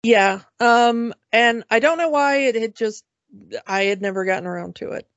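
A woman's voice: fairly high pitch, lively intonation, normal speed, no echo. A woman co-hosting a podcast, chatting casually and telling a story with frequent restarts. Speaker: podcast co-host. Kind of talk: casual chat. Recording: dull lo-fi sound.

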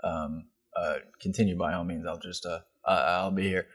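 A man's voice: deep voice, little pitch movement, moderate pace, breathy edge. A man co-hosting a podcast, talking in a loose, rambling way and swearing casually. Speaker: podcast co-host.

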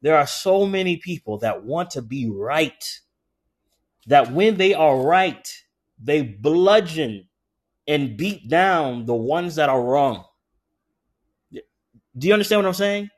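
Man, preacher, sermon, conversational, fairly high voice, slow scripture reading. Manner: conversational, animated preaching with frequent asides to the congregation; slows way down to read scripture aloud.

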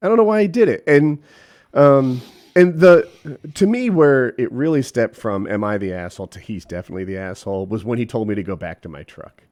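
A man's voice: on the low side, a little fast. A middle-aged man telling a story in casual chat, quoting the people in it and swearing freely. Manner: animated, profane, quotes people in voices.

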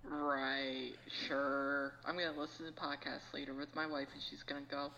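A woman guest on a casual podcast, with deadpan, mock-menacing banter. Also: deep voice, normal speed, creaky, few pauses, big-room sound, muffled recording, a little hiss or hum.

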